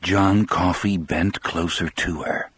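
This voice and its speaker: Deep, husky male audiobook narrator. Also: fairly even intonation, takes it slowly, a bit bright. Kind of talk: scripted narration.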